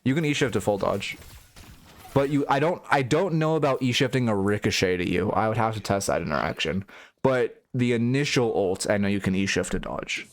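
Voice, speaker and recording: A man's voice: lowish voice, expressive, fairly quick. A young man giving casual live-stream coaching commentary on a video game, frank and blunt, swearing now and then and restarting his sentences.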